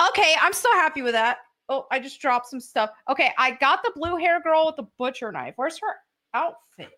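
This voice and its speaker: An American woman streaming live from home, chatting excitedly as she unboxes collectible figures at her desk mic. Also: sits high, moderate pace. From United States. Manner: excitable and gushing, with gasps and laughs.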